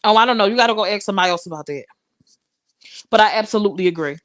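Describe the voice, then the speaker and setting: A woman's voice: mid-range voice, very fast, a bit bright. A young adult woman hosting a live stream, talking straight to her viewers in impassioned, preachy casual commentary.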